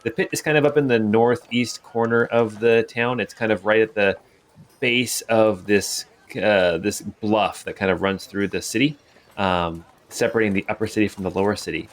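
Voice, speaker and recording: A man narrating a tabletop game as game master, relaxed, with many fillers. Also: fairly low pitch, moderate pace.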